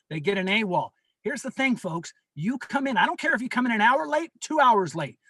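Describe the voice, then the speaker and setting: A man's voice: high-pitched, big pitch swings, a little fast, bright, forceful tone, breathy edge, no room sound. A man speaking as a union representative at a members' meeting over a video call, earnestly pleading and repeating his warnings.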